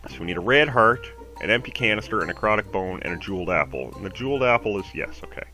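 A Canadian man hosting a let's play, giving rambling, excitable commentary as he plays. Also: fairly low pitch, fast talker, music in the background. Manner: rambling, excitable, talks to himself. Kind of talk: casual gameplay commentary.

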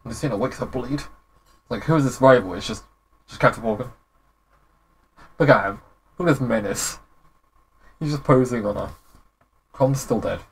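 A young man giving casual, rambling commentary as a gaming YouTuber, with relaxed, slangy reactions. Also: mid-range voice, normal speed, creaky, long pauses, slightly rough.

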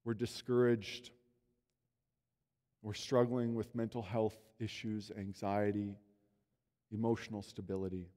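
A man's voice: on the low side, little pitch movement, measured pace, long pauses, dark tone. Earnest male pastor in a reverberant church. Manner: earnest storytelling, voice swells and drops. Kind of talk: sermon. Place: church sanctuary. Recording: long reverb of a church hall.

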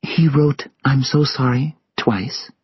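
A man voicing a quiet, grieving young woman who speaks softly, near a whisper, in an audiobook story. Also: medium pitch, expressive, a little fast, husky, no echo, muffled recording, voice pushed up. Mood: sad, hushed. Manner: soft and whispered.

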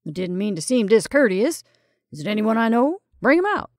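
A woman voicing a stern but hearty middle-aged gentleman who booms his lines loudly, in a dry recording. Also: sing-song, fairly quick, no echo. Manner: booming and exclamatory.

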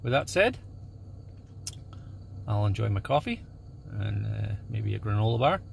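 Creaky-voiced man chatting outdoors. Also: on the low side, measured pace, a little hiss or hum. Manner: relaxed, chatty, with many fillers. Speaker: landscape photographer. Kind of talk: casual instructional vlog. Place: outdoors at a small airport at dawn, breezy.

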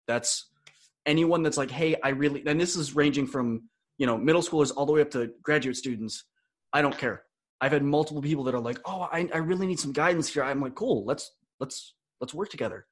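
Young man, slightly high voice, husky, interview guest, energetic storyteller. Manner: energetic storyteller, acts out quoted dialogue. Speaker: student speaker and coach.

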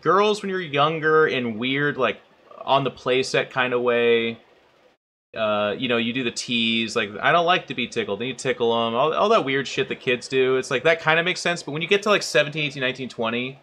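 A young man co-hosting a podcast, talking things over in a reflective, measured casual chat. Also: medium pitch, sharp tone, slight background noise. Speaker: podcast co-host.

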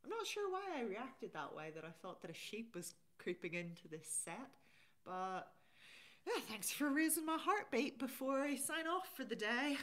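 A woman's voice: fairly high pitch, big pitch swings, moderate pace, a bit bright. A woman hosting a casual live stream, chatting and reading out viewer comments. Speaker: livestream host.

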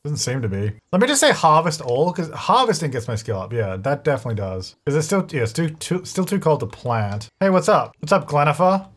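A man hosting a gaming channel, thinking aloud in chatty gameplay commentary, self-correcting as he goes and breaking into excited bursts. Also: on the high side, slightly rough. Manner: excitable bursts, quick laughs. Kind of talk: let's-play gameplay commentary.

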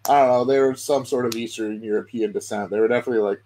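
A man's voice: mid-range voice, steady tone, fast talker, warm tone, rough recording. Laid-back young man, faint hiss behind. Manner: laid-back storytelling with laughs. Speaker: podcast co-host. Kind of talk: casual chat.

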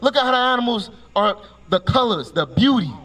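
A man's voice: extremely high pitch, lively intonation, fairly quick, fairly bright tone. A man preaching on the street, quizzing passers-by with "right?" and ordering scripture to be read aloud before explaining it. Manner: commanding, calls for each scripture reading with a curt "Read", then explains it; quizzes listeners with repeated "right?" and rhetorical questions. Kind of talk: street preaching with questions to listeners.

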